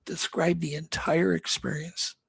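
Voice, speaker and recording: A man's voice: on the high side, level tone, unhurried, creaky, slightly rough, dry recording. A man co-hosting a talk show, rambling through a story with many restarts and acted-out quotes. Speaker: co-host. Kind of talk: casual storytelling chat.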